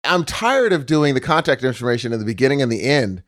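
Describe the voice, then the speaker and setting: A man's voice: medium pitch, quick pace. A man co-hosting a podcast in casual chat, teasing his partner and laughing as he tells stories. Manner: teasing, laughing, animated storytelling. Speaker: podcast co-host.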